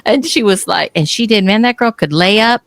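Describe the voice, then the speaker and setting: A woman's voice: medium pitch, brisk, no echo. A middle-aged woman from Texas hosting a podcast, chatting casually and acting out quotes as she tells stories. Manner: animated storyteller acting out quotes. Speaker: podcast host. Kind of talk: casual interview conversation.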